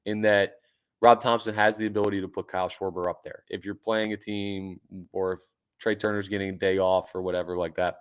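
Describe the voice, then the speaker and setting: A man hosting a sports podcast, talking excitedly and emphatically, repeating points for emphasis. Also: sits low, brisk, clean tone. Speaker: podcast host.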